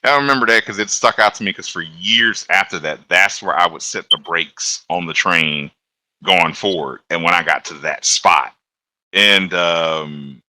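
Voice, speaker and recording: A very deep-voiced man tells easygoing stories as a podcast guest. His tone is bright and forceful despite the low pitch. He laughs often and acts out the voices of the people in his stories. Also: unhurried, dry recording. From Alabama. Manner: laid-back storyteller, laughs often, acts out quotes. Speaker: guest, locomotive engineer. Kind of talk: casual storytelling on a podcast.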